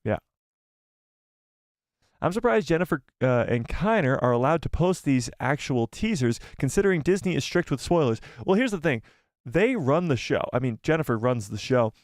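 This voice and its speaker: A man hosting a casual live stream, animated and self-deprecating, who laughs often. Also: a little high, normal speed, no echo, clean studio sound. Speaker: livestream host.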